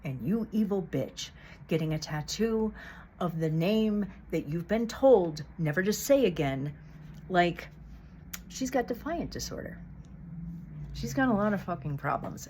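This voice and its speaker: A woman's voice: lowish voice, a little hiss or hum. A woman vlogger giving blunt, heated commentary to the camera, swearing often. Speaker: true crime vlogger. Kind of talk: casual opinionated commentary.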